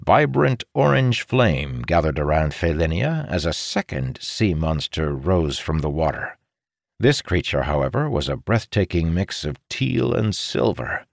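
Gravelly man narrating a fantasy audiobook. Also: low voice, no echo, clean studio sound. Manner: expressive, dramatic storytelling.

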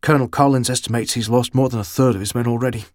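A man's voice: medium pitch, fairly even intonation, very fast, no echo, studio quality, natural voice. Man voicing a grim officer making reports. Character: grim male colonel officer reporting losses. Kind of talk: audiobook character reading.

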